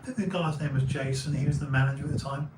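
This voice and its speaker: A man's voice: fairly high pitch, steady tone, quick pace, noisy background. A man from England with a British accent, telling stories in a rambling casual way, often repeating and restarting his words. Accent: British English. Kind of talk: casual storytelling monologue. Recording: echoey room, mic a bit far.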